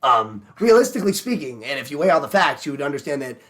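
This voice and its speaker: A man mimicking a smug fast-talking pundit. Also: a little high, sing-song, fairly bright tone. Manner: pedantic lecturing, "speaking" qualifiers.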